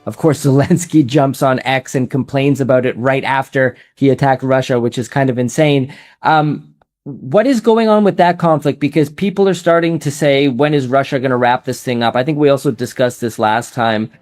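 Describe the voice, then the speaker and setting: A man's voice: mid-range voice, moderate pace, darkish tone. A man hosting an interview, asking long, chatty, run-on questions. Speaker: interview host.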